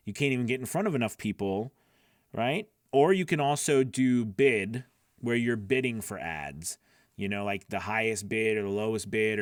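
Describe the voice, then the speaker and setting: A man's voice: on the low side, no room sound, clean studio sound. A man hosting a live class for voice actors, talking casually and rambling with plenty of fillers, laughing often and answering viewers by name. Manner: rambling and conversational, many fillers and restarts. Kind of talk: casual live-stream teaching, reading chat questions.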